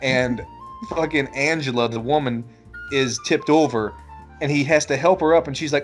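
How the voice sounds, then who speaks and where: A man's voice: medium pitch, moderate pace, soft background music. A man co-hosting a casual beer-and-movie podcast, swearing freely and acting out scenes as he recaps them. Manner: animated, swears a lot, acts out scenes with laughs. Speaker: podcast co-host. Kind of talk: casual movie chat over beers.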